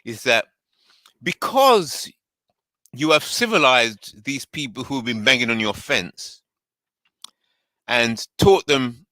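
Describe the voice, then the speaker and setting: A man hosting a casual panel discussion, animated and laughing often as he acts out voices while he paraphrases. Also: medium pitch, slow pace, long pauses, dry recording, poor audio.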